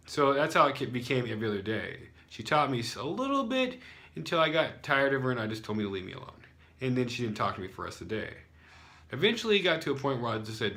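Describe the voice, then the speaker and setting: A man's voice: medium pitch, big pitch swings, brisk, fairly bright tone. A young American man, an English teacher, telling a story casually with lots of fillers and sarcastic asides. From United States.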